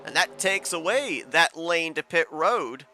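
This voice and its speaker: A man calling an online stock car race as play-by-play announcer, calm and analytical. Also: a little high, measured pace, soft background music. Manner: calm analysis, rising to shouting at the finish. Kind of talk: sim racing commentary.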